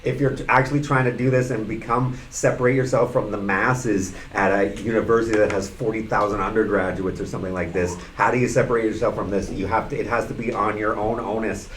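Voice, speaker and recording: A man's voice: lowish voice, fast, hardly any pauses, echoey room, a little hiss or hum. A man who teaches university math, talking casually on a panel and telling stories with animation and frequent laughter. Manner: animated storyteller, laughs often. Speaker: math instructor.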